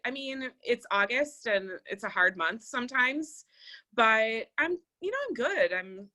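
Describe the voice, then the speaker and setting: Bright-toned lady cohosting a podcast, chatty, laughs a lot. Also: on the high side, animated, unhurried. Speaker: podcast co-host. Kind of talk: casual chat.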